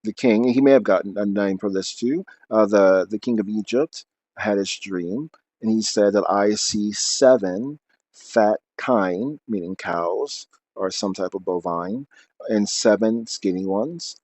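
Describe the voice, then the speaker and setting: A man's voice: fairly low pitch, a little slow, a little mellow, no echo. A man reading aloud from his book, then explaining at length off the cuff with many fillers and restarts.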